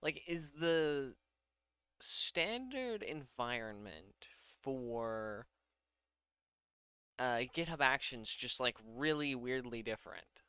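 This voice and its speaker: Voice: medium pitch, expressive, slow pace, sharp tone, clean tone, dry recording. A programmer thinking aloud while coding in a casual vlog, muttering to themself and laughing at their own mistakes.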